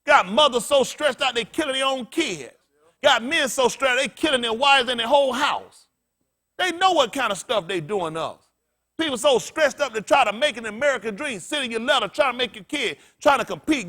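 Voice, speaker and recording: Man, pastor, high voice, bright sharp tone, impassioned sermon, colloquial preaching. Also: expressive, moderate pace. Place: congregation gathering.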